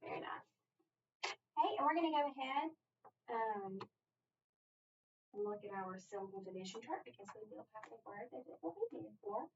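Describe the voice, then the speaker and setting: A woman teaching a phonics lesson, explaining each step in a deliberate, methodical way. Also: mid-range voice, animated, vocal fry, a little hiss or hum. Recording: distant lo-fi mic with faint room ambience.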